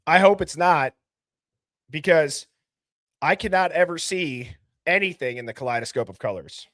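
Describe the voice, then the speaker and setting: Live-stream host, man, slightly high voice, dry close mic, loud greetings. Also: moderate pace, dry recording. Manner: reads out viewer names and chat, bursts of laughter and loud greetings. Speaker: livestream host. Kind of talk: casual live-stream chat.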